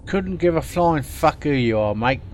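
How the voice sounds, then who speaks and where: A man's voice: a little high, expressive, moderate pace, a little mellow, a little hiss or hum, lightly acted. A man doing a brash Australian parking warden. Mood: gruff. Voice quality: brash, sweary and blunt. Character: foul-mouthed male space station parking warden.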